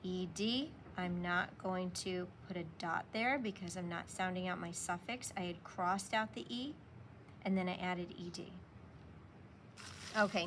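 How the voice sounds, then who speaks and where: A woman teacher talks children through a spelling lesson, speaking slowly and sounding out each letter with patience. Her voice sits at an ordinary middle pitch. A faint ambient hiss stays underneath. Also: fairly bright tone.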